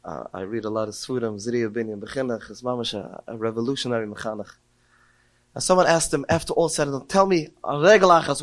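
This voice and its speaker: A man's voice: medium pitch, fairly bright tone. Man giving an emotional Torah talk. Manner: emotional storytelling, rising to cries when quoting prayers. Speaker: podcast speaker.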